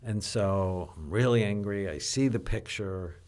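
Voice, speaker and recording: An older man with a very low voice speaks as a psychiatrist guest. He explains in a teacherly, animated way, telling personal stories to make his point. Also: unhurried. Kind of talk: interview conversation.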